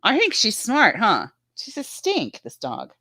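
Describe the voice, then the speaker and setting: A woman's voice: fairly high pitch, huge pitch swings, a little slow, sharp tone, no room sound. A woman chatting casually on a live stream, laughing often and telling stories about her dog.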